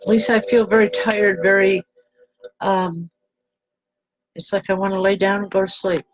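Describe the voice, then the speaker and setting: A woman reverend giving live spirit readings to viewers, speaking gently and haltingly and calling people by name. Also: medium pitch, steady tone, low-quality recording.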